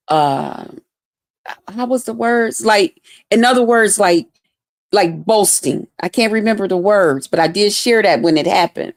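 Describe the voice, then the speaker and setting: A livestream host, a woman with a medium-pitched voice and lively intonation, tells her personal testimony in slow, emphatic, preachy fashion. She addresses her viewers head-on as "y'all," and the recording is dry and studio quality.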